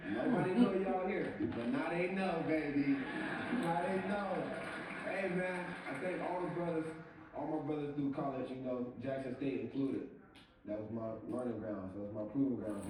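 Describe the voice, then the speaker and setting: A man's voice: medium pitch, noisy background. Heartfelt young man, echoey hall. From southern US. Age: young adult. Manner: heartfelt, thankful, emotional address. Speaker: award winner. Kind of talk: acceptance speech. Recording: echoey hall from far off, broadcast.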